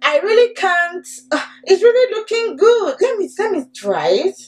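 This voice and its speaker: Woman playing a hesitant young Eve, high-voiced. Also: sing-song, normal speed. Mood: wavering. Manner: hesitant, wavering.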